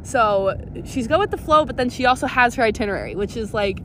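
A woman's voice: on the high side, lively intonation, fairly quick, fairly bright tone. A young woman in her twenties hosting a podcast in casual, giggly chat, recorded outdoors. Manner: bubbly, giggly, chatty. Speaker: podcast host. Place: outdoors in a city. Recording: outdoor noise behind.

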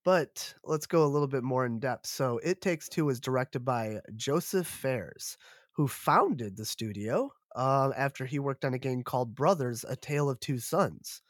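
A man co-hosting a podcast while sick, giving steady informational rundowns with a playful edge. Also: medium pitch, measured pace, no room sound, clean studio sound. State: sick, rough voice. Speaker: podcast co-host. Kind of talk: casual chat, reading notes.

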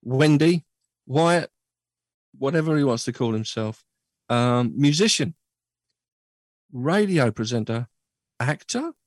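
A man's voice: medium pitch, lively intonation, slow, long pauses, no echo. A man hosting a casual chat show, talking in a chatty, joking way with rambling asides. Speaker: podcast host.

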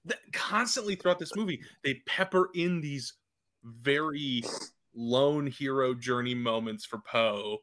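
A man on a casual movie podcast with a bright, forceful voice. He retells scenes in an animated way, laughing as he goes and acting out the lines. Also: medium pitch, measured pace. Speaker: podcast co-host.

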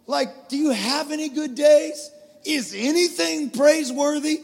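High-voiced pastor preaching in a hall. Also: male voice, unhurried, gravelly. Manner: animated, swings from loud preaching to quiet storytelling. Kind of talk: sermon. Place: large church hall. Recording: reverberant church hall with soft music.

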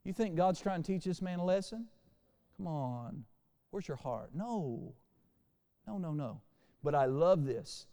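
A man preaching a sermon as pastor, animated, shifting between quiet and loud passages. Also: fairly high pitch, measured pace, pauses often, in a large hall. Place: church sanctuary.

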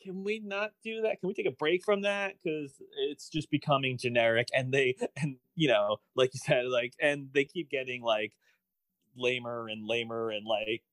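A man's voice: medium pitch, dry recording. A man chatting casually as a podcast co-host, rambling and wry, with many fillers. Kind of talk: casual chat.

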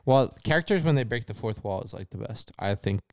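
Lively crude young man, casual podcast chat. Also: lowish voice, brisk, dry recording, clean studio sound. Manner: crude, joking, laughs often. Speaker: podcast co-host.

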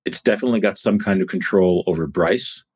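A man voicing the text messages of a terse, cautious female field agent, read out flatly in a tabletop game. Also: deep voice, quick pace, slightly rough. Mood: wary.

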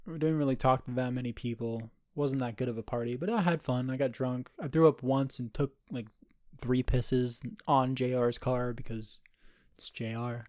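A man's voice: medium pitch, steady tone, normal speed, darkish tone, no echo, clean studio sound. A man in his twenties, co-hosting a podcast and telling a rambling, profane party story in casual chat. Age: 20s. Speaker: podcast co-host.

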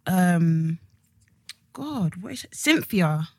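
A woman's voice: on the low side, big pitch swings, slow pace, dark tone, no room sound, studio quality. A young woman co-hosting a podcast, chatting playfully and often trailing off mid-sentence. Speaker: podcast co-host. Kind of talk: casual chat.

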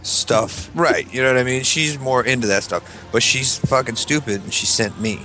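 A man's voice: medium pitch, moderate pace, bright, forceful tone, faint music behind. A man on a podcast telling a blunt, profane story, repeating himself for emphasis. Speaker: podcast regular. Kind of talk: casual storytelling chat.

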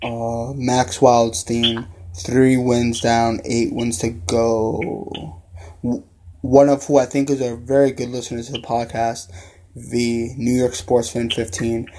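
A man hosting a casual sports podcast, reading out listener messages and reacting excitedly. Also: mid-range voice, takes it slowly, slight background noise. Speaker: podcast host.

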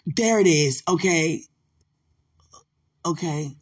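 A woman with a low, husky, breathy voice leads an emotional live prayer session, speaking slowly and deliberately. She cries, sighs often, and laughs through her tearful prayer, calling her listener sweetheart.

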